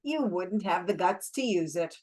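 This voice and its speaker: A woman's voice: fairly low pitch, lively intonation, moderate pace, a little mellow. A woman reading aloud voices a brash, contemptuous waitress with a whiny nasal twang. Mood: taunting. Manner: whiny and sneering. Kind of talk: audiobook character voice.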